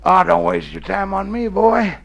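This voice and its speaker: Male actor as a worn-out old wagon-train pioneer with a gruff folksy drawl; gravelly and bright. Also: sits high, moderate pace, full character voice. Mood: dying. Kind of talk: comedy sketch acting on a record.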